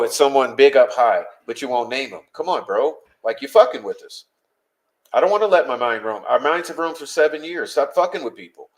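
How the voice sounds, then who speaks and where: Hosting a live-stream as a podcast host, a man speaks directly to his chat, blunt, heated and swearing freely. His voice is an ordinary middle pitch, and his delivery is casual, conversational and unpolished.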